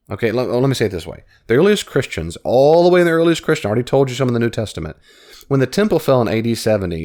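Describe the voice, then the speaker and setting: Animated man arguing on his podcast. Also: mid-range voice. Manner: animated, self-correcting, argumentative. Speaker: podcast host. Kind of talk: casual commentary.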